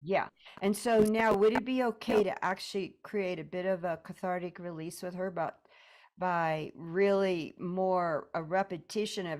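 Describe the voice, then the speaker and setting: Woman therapist gently guiding a client. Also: fairly low pitch, steady tone, moderate pace. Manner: gentle, directive prompting. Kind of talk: guided therapy session.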